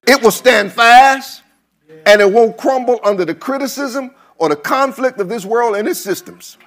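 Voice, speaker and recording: A male pastor preaching a sermon, repeating phrases and building into chanted, shouted lines. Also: very high-pitched, normal speed.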